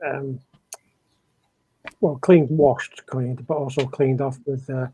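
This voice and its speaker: A man's voice: mid-range voice, little pitch movement, slow pace, warm tone, breathy edge, poor audio. A man in a casual chat, explaining hesitantly with lots of fillers. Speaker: co-host guest.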